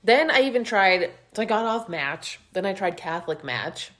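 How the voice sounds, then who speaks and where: Woman, 30s, podcast co-host, lively storyteller with a wide-ranging voice. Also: mid-range voice, normal speed. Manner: animated storyteller, laughs often. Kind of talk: casual chat.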